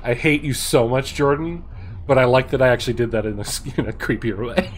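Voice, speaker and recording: A man's voice: mid-range voice, fairly quick, slight background noise. A man live-streaming, reading horror stories aloud and joking casually with his viewers. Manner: chatty, joking with chat; swears casually.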